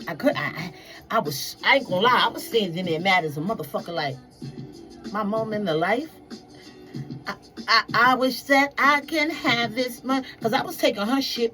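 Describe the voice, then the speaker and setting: A woman telling stories casually to her viewers, profane and animated, acting out the voices of people she quotes. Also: mid-range voice, rough recording.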